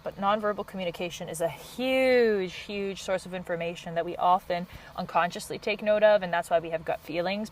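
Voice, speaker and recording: Woman podcast host and coach, lowish voice, passionate and quick, faint hum behind. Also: rough recording. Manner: passionate, quick, high-energy. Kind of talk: solo podcast talk.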